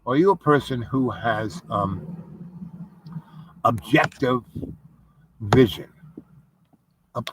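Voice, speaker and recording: A man's voice: medium pitch, takes it slowly, pauses often, background noise. A man telling a rambling personal dream story, meandering through asides and many fillers.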